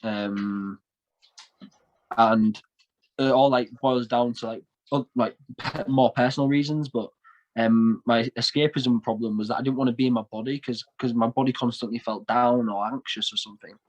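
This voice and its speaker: His mid-range voice is a little mellow, with fairly even intonation and a moderate pace, captured on a low-quality recording. He's a North East English man in his twenties, a shamanic practitioner appearing as a guest in a casual interview, telling his story in a rambling way full of fillers and repeated words.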